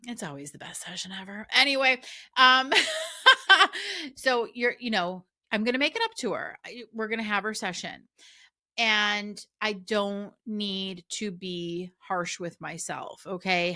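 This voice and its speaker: A middle-aged woman life coach and podcast host, talking casually with chatty asides in a warm coaching tone. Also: medium pitch. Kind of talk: casual solo podcast talk.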